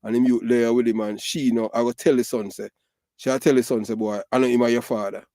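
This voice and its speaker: Ranting Jamaican man, dark voice. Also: medium pitch, flat delivery, quick pace, no room sound, studio quality. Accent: Jamaican Patois. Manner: emphatic, repetitive, frequent fillers. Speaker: commentator. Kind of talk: casual ranting commentary.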